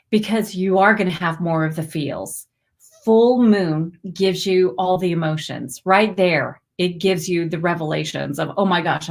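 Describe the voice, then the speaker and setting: Heartfelt woman hosting a livestream. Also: lowish voice. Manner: heartfelt, rambling, bursts of excited greetings. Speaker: spiritual livestream host. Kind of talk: emotional live stream chat.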